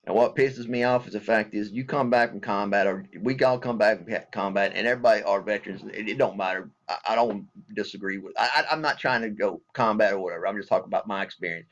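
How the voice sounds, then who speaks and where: A man's voice: fairly low pitch, fast talker, few pauses, lo-fi sound. A man from the States, a military veteran ranting bluntly and angrily with heavy profanity in a vlog. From Southern United States. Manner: blunt, angry and heavily profane.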